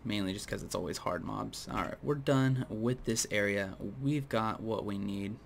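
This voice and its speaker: A man giving casual gameplay commentary, going off on opinionated tangents and talking straight to viewers, with a dry mouth that keeps him clearing his throat. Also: on the low side, moderate pace, slight background noise. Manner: rambling, opinionated tangents, addresses viewers directly. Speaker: gaming video host.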